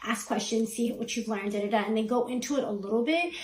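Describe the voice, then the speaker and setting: A woman's voice: a little high, fast talker, darkish tone, roomy sound, poor audio. A woman hosting a reaction channel, casually recapping someone's story in a chatty way, quoting the people involved with lots of fillers. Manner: chatty, retells with quoted voices and fillers.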